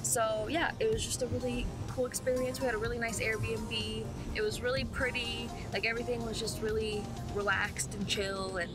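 A woman's voice: fairly high pitch, little pitch movement, normal speed, few pauses, loud music behind the voice. A young woman chatting casually to camera in a vlog, upbeat and full of "like". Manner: chatty, upbeat, says "like" often. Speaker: vlogger and disc golfer.

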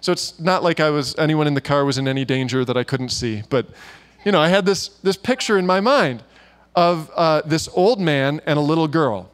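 At a church gathering, a male guest preacher talks at a moderate pace in a fairly high-pitched voice. His sermon is chatty and story-driven, full of fillers and side remarks.

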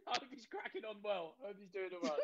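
A man's voice: high-pitched, very animated, fast talker, lo-fi sound, crowd noise. A young man co-hosting a casual chat show, trading teasing, jokey banter. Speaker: podcast co-host.

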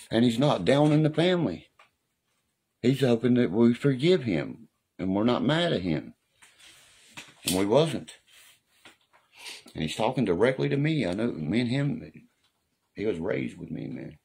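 A man's voice: mid-range voice, very animated, unhurried, vocal fry, pauses often, darkish tone, slight background noise. A man talking casually on a live stream in a rambling, profane way, often asking if you know what he means. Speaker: livestreamer. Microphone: phone or webcam on a live stream.

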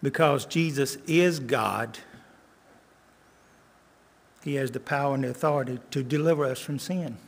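An older man preaching a sermon as a guest preacher, earnest, repeating lines and slowing down for emphasis. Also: mid-range voice, creaky, slightly rough. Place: church sanctuary. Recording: long church reverb.

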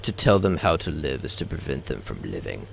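A man's voice: extremely low pitch, sing-song, a little fast, vocal fry, slight background noise. A young man, host of a game video, giving a theatrical reading over gameplay, stumbling and tossing in joking asides. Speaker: let's play host.

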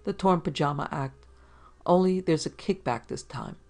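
A cool, clipped private eye who says little, read by a man. His voice has a deep gravelly rasp. It sounds like an audiobook. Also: moderate pace, darkish tone, faint music behind. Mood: terse. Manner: clipped, laconic. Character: terse adult male private detective, cool.

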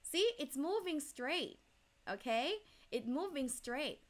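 A woman with a Thai accent walks learners through a pronunciation lesson at an unhurried pace. Her voice sits a little high and moves a lot as she stretches out single syllables to show each tone. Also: animated. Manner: demonstrates tones by drawing out single syllables. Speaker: Thai language teacher. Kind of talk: slow step-by-step language lesson.

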